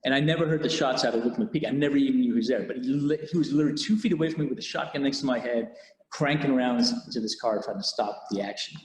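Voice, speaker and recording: A police officer recounting a personal experience in an interview, candid and halting, with many restarts. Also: male voice, mid-range voice. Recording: echoey room with long reverb.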